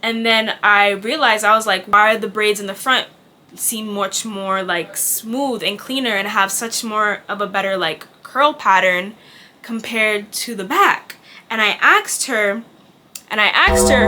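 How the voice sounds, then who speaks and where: A woman's voice: medium pitch, unhurried, pushed and bright, faint music behind. A young woman vlogger telling a casual storytime, candid and chatty, swearing freely and acting out what people said. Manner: candid and chatty, swears, acts out quoted dialogue.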